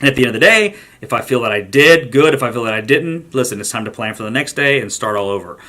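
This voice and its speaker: A man's voice: medium pitch, expressive, quick pace, fairly bright tone. A man hosting a short daily vlog, ranting emphatically and repeating himself for emphasis. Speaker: podcast host.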